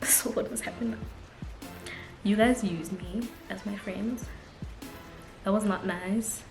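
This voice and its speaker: A woman from South Africa with a South African accent, telling a story in a casual, animated vlog and laughing often. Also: medium pitch, takes it slowly, echoey room, music in the background. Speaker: vlogger.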